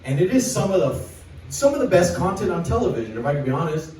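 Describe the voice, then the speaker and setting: Rambling crude comic in an echoey club. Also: male voice, sits high, big pitch swings, fast, darkish tone, slight background noise. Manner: rambling, crude, reads jokes off a list. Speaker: stand-up comedian. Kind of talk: stand-up set at an open mic. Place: small comedy club stage. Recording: echoey club recorded from far off.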